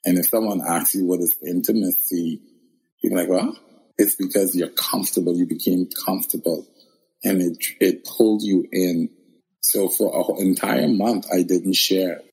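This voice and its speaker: A man's voice: deep voice, normal speed, creaky, breathy edge, rough recording. A man from the Bahamas, a guest in a casual interview, telling his story expressively and laughing often. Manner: expressive, laughs often, acts out quoted voices.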